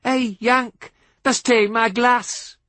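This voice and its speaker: A man's voice: extremely high pitch, fairly even intonation, drawn-out words, sharp tone, no room sound, voice pushed up, exaggerated voice. A man voicing a drunk, bullying young farm lad who talks in blunt, belligerent northern dialect.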